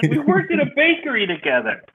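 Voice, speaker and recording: A man chatting as a guest comedian on a video call, deadpan and wisecracking. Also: very high-pitched, normal speed. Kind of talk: casual chat over video call. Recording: tinny phone-like line.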